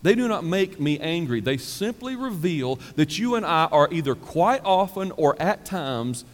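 A male pastor preaching a sermon, animated and self-deprecating, acting out everyday excuses with shifting voices. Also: fairly high pitch, unhurried. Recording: long hall reverb.

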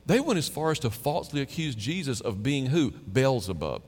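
A male pastor preaching a sermon in an emphatic, conversational style, at times dropping quiet and low. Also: big pitch swings, moderate pace. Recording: reverberant hall.

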